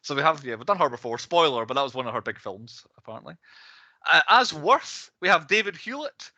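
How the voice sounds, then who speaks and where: Lively bright-voiced podcaster, late 30s. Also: male voice, a little high, a little fast, no room sound, dull audio. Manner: reads facts with hedging asides, chuckling. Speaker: podcast co-host presenting the film's cast. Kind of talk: casual film-podcast chat.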